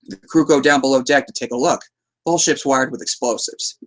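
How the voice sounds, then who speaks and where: A man's voice: mid-range voice, brisk, a little hiss or hum. A man hosting a podcast, recapping a movie in a casual, rambling way, chuckling often and slipping into quoted lines. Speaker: podcast host.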